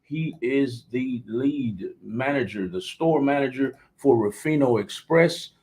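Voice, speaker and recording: A man's voice: mid-range voice, takes it slowly, darkish tone, low-quality recording. A man hosts a local radio show. His talk is folksy and loose, and he repeats phrases as he goes.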